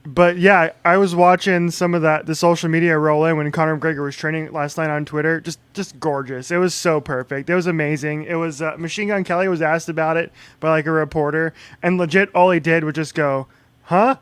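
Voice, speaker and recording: A man's voice: fairly high pitch, fairly even intonation, fairly quick, hardly any pauses, a bit bright, clear, resonant tone, dry recording. A man co-hosting a sports talk show, giving casual, opinionated takes with an amused tone.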